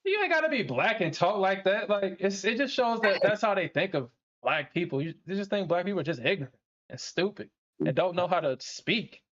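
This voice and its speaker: A man's voice: sits high, fairly quick. A man hosting a live trading stream, chatting casually, swearing and laughing as he talks. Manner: animated, swearing, laughing often. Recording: dull lo-fi stream audio.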